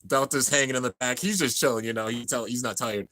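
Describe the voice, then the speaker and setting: A young man narrating an anime finale as he watches it live, excited and emotional. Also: mid-range voice, fast, no room sound. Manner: excited, narrating on-screen action, drops to near-tears murmurs. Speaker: anime reaction host. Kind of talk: live reaction commentary.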